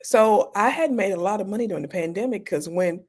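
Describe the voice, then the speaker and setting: A woman emergency room physician, a guest in an interview, telling her stories in an animated way and acting out her own reactions. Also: medium pitch, fairly quick, husky. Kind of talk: casual storytelling in an interview.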